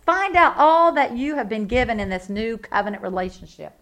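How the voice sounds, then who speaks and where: Fervent higher-voiced woman preaching. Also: animated, a little fast. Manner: fervent, rising to loud emphatic bursts. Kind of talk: sermon.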